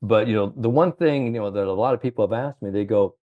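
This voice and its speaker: A man's voice: lowish voice, fast talker, hardly any pauses, dark tone, lo-fi sound. A man telling a long golf story as a guest expert on a podcast, filling his talk with constant "you know"s. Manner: rambling, heavy use of "you know".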